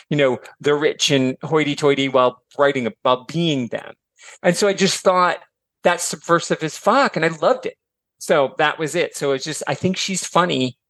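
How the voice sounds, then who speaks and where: A middle-aged man from Michigan chatting as a podcast guest, animated and filler-heavy, slipping into voices for quotes. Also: on the high side, dry recording. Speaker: podcast guest, author and educator. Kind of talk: casual chat.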